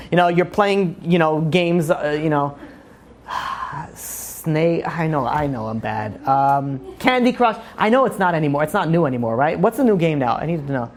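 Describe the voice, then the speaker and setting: Fast-talking rabbi, joking and animated. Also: male voice, on the high side. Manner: fast-talking, animated, heavy on "you know". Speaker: rabbi teaching a Torah class. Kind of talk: casual joking lecture to a live class. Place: classroom with a live audience.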